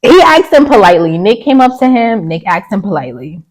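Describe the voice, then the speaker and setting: A woman's voice: medium pitch, lively intonation, a little fast, hardly any pauses, noisy background. Blunt, chatty woman reviewing reality TV. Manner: chatty and blunt, with sassy asides; slips into mocking voices to quote people. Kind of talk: casual opinionated recap.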